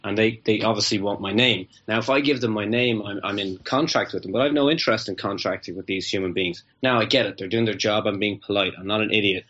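Low-voiced man in a lo-fi interview. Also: fast talker, hardly any pauses, a bit bright. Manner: rambling, stammers and repeats words. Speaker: interview guest. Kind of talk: casual anecdotal storytelling.

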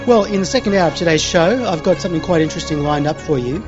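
Radio host, halting delivery, lots of ums, dull lo-fi audio, faint music underneath. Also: medium pitch, animated. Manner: halting, full of uh and um, reading out a list. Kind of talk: talk radio interview.

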